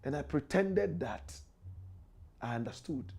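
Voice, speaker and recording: A Ghanaian man with a Ghanaian accent hosts a commentary monologue. He talks in a high, animated voice. He preaches straight at his listeners. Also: takes it slowly, gravelly, slightly rough. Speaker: commentary show host.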